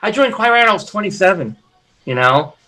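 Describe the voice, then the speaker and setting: Forties guy telling a wild tour story, bright voice, does the quotes. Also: sits high, a little fast. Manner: animated storyteller, acts out quotes. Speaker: guest musician. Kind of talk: casual interview storytelling.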